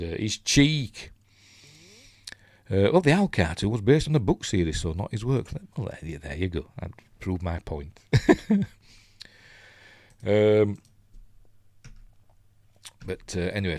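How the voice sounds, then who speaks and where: In a clean, echo-free studio recording, a middle-aged man with a Yorkshire accent gives a rambling, casual live take on a film, stopping and restarting with lots of fillers. His pitch is fairly low and his tone darkish. He comes from Yorkshire, England.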